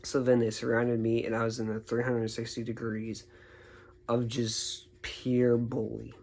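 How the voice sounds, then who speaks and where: A man's voice: mid-range voice, monotone, measured pace, darkish tone, low-quality recording. A young man vlogging, telling a rambling personal story to the camera, often repeating himself. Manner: rambling, repeats words and restarts. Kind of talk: casual storytelling monologue.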